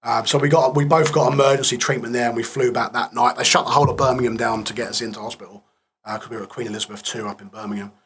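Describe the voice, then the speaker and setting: A man's voice: medium pitch, steady tone, racing, a bit bright, slight background noise. A man in his thirties, a podcast guest, recounting a war injury in plain-spoken, subdued casual talk that trails off in places.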